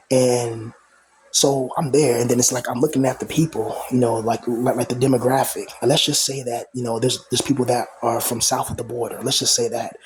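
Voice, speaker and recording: A young man rants to his camera in a loose, rambling monologue, circling back on himself with fillers and restarts. His voice sits at an ordinary middle pitch, and faint noise hums under the recording. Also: poor audio. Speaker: vlogger.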